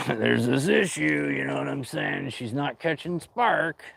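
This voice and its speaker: A man's voice: fairly high pitch, lively intonation, a little slow, vocal fry, noisy background. A man talking casually to his viewers while working on his boat outdoors, rambling and joking, calling them dude. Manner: chatty, rambling, says dude a lot. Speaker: boat restoration vlogger.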